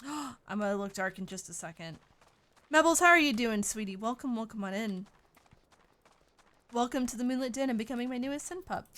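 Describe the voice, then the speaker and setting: A woman's voice: on the high side, expressive, brisk, pauses often, fairly bright tone. A woman chatting casually with viewers on a game livestream, sounding tired and greeting each person by name. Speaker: streamer.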